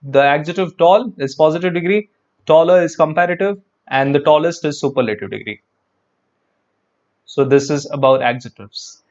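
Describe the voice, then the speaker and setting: With a voice on the high side and a moderate pace, this online English grammar teacher talks directly to viewers, replies to their comments, and repeats words in a chatty way. The sound is lo-fi.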